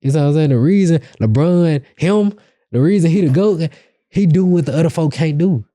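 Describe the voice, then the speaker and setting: A man's voice: on the high side, fairly quick, warm tone, no echo, clean studio sound. A young man hosting a podcast, giving blunt relationship advice in slangy casual talk and acting out both sides of an argument. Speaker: podcast host.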